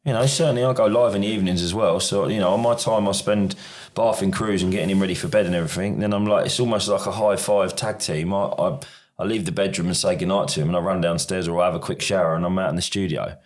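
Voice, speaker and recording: A man's voice: sits low, steady tone, fast. A middle-aged man from the UK, a podcast co-host, chatting casually in a rambling, self-deprecating way with lots of restarts. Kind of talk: casual chat.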